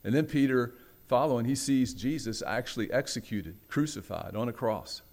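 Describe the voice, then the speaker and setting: Dramatic, storytelling male preacher. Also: normal speed. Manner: dramatic storytelling, swinging from loud and high to hushed; acts out the quoted voices in the story. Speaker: pastor. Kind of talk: sermon.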